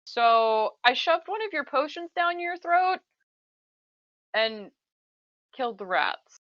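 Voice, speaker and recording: A woman's voice: high voice, expressive, takes it slowly, no room sound. A woman voicing a kind young cat-folk woman wanderer in a tabletop game, friendly and upbeat. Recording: slightly dull, lo-fi sound.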